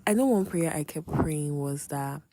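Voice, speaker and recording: A young woman hosting a podcast, telling a personal faith testimony in an expressive way, with sudden exclamations. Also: low voice, normal speed, no echo. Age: young adult. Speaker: podcast host.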